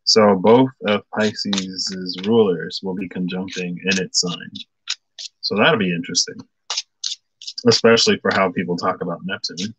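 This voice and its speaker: A man's voice: deep voice, fairly even intonation, measured pace, fairly bright tone, husky, poor audio. A man giving a casual tarot reading to viewers, thinking aloud with many fillers and stopping to greet commenters by name. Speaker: tarot reader.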